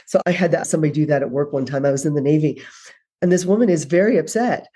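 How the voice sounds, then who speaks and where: A woman guest on a podcast, a leadership speaker, talking in a brisk, direct way and acting out dialogue in her stories. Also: deep voice, mellow. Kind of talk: casual interview chat.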